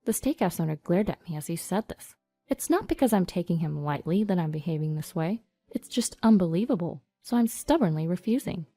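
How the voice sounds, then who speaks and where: A woman narrating a first-person story in an even, storytelling read. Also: lowish voice, a little fast, no echo. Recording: dry studio voice-over over soft music.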